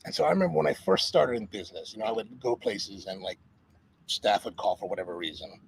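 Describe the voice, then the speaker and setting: A man's voice: fairly low pitch, expressive, fast talker, vocal fry, slight background noise, low-quality recording. A man hosting a casual chat, a coffee shop owner, reacting and asking questions. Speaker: podcast host.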